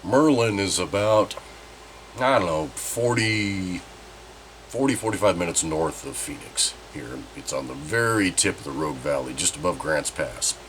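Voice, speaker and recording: A man's voice: deep voice, normal speed, fairly bright tone, a little hiss or hum. A man hosting his own channel, giving a rambling, candid update in a congested, nasal voice while he recovers from a sinus infection. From Southern Oregon. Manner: rambling, chatty and candid, with mild swearing. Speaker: channel host. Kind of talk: casual vlog update.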